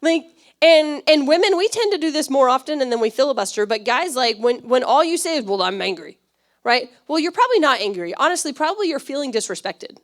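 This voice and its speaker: A woman pastor giving a conversational sermon, chatty and quick to laugh, often checking in with her listeners. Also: sits high, lively intonation. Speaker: church pastor.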